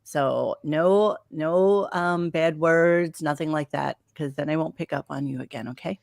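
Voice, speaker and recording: A woman co-hosting a call-in radio show, answering calls and chatting in a brisk, plain-spoken way. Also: sits low, vocal fry, darkish tone, dry recording, clean studio sound. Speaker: radio co-host. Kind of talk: casual call-in show chat.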